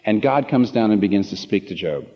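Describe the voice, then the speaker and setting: A man's voice: lowish voice, expressive, fairly quick. A man preaching a sermon with passion, rising into emphatic rhetorical questions, in a large church. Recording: dull reverberant hall recording.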